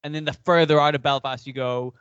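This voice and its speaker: A man's voice: a little high, steady tone, fairly quick, fairly bright tone, clean tone, dry recording, dull audio. A man with an Irish accent, co-hosting a podcast in casual, rambling chat full of "like". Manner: rambling, heavy use of "like". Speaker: podcast co-host.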